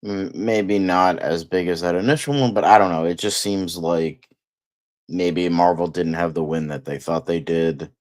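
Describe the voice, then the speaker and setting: A man co-hosts a casual chat in a very low voice. He talks haltingly and leans on fillers. His sentences often trail away unfinished. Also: darkish tone. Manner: hesitant, trailing off. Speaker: co-host.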